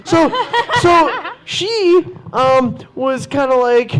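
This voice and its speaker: A man cosplayer on a convention panel, telling lively stories and jumping into quoted voices. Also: very high voice, unhurried, few pauses, clear, resonant tone. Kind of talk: animated storytelling to a panel audience.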